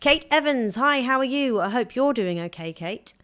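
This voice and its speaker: A woman's voice: a little high, lively intonation, normal speed, a bit bright, clean tone. A woman co-hosting a casual live show, reading out viewer names and greetings. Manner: reads out viewer names and greetings, laughs often. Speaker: co-host reading chat messages.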